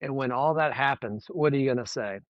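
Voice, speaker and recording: A man's voice: medium pitch, fast talker, no room sound, highs cut off. A man, a former college baseball head coach, telling stories in a podcast interview in an earnest, emotional way, often repeating words as he goes.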